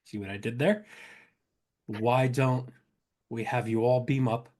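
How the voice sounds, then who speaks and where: A man's voice: medium pitch, fairly even intonation, unhurried, a little mellow, slight background noise. Polite, firm male tabletop player. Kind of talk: in-character play in a tabletop game.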